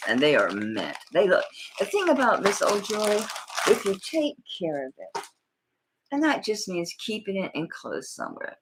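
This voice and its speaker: This jewelry auction seller's voice sits low, and there's noise in the background. She's a middle-aged woman with a Southern accent who sells on a live stream and chats folksily with viewers, calling them by name.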